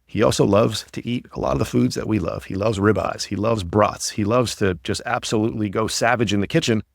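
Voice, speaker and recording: A man's voice: lowish voice, fairly even intonation, a little fast, creaky, dry recording, clean studio sound. A man hosting a podcast, talking in an upbeat, motivational, rambling way. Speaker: podcast host and coach. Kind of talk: casual podcast talk.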